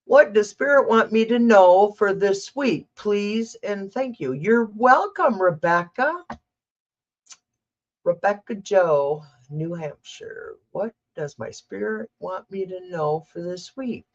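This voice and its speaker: A woman's voice: medium pitch, expressive, slow pace, muffled recording. A woman doing a live tarot reading, chatting casually and thinking aloud as she corrects herself. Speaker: tarot reader.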